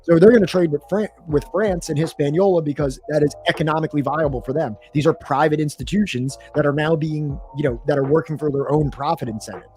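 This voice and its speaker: A man co-hosting a history stream, reading from a book and explaining it in his own words, pausing often with fillers and correcting himself as he goes. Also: fairly high pitch, a little mellow, faint music behind. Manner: thoughtful, with frequent fillers and self-corrections.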